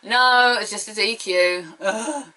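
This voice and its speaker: Bright chatty woman. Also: medium pitch, slow pace, low-quality recording. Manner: chatty, opinionated, excitable. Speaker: wrestling review vlogger. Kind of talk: casual solo review.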